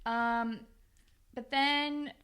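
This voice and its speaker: A woman's voice: high-pitched, steady tone, extremely slow, fairly bright tone, smooth. A young woman co-hosting a podcast, casually recapping a TV episode and acting out the characters' lines. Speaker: podcast co-host.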